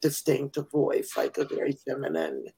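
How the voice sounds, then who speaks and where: Podcast host, a woman with a raspy, fry-heavy voice who drifts into whispers. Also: a bass voice, big pitch swings, normal speed, rough recording. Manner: soft-spoken, often trailing into a whisper. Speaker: podcast host and burn survivor. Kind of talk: casual interview chat.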